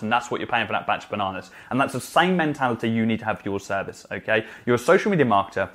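A man's voice: medium pitch, animated, fast talker, hardly any pauses. A man giving direct, emphatic coaching advice in a vlog, often adding "okay?" to press a point. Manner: emphatic, repeats "okay?" to drive points home. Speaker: social media marketing coach.

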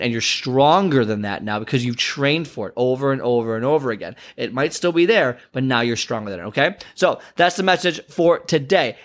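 A man who works as a fitness trainer and coach, giving an earnest motivational talk full of emphatic repetition. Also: medium pitch.

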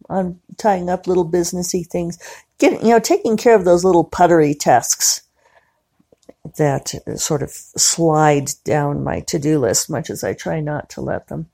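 A woman's voice: fairly low pitch, dark tone. Chatty woman rambling about her day. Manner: chatty, rambling, quick to laugh. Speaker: podcaster. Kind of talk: casual diary-style monologue. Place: living room at home.

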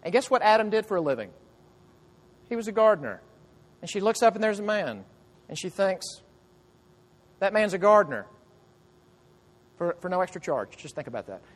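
A man preaches a sermon with a fairly high voice, telling the story conversationally and throwing rhetorical questions at his listeners. His voice rings out with a long reverb, as in a large hall. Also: big pitch swings, normal speed, pauses often. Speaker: pastor.

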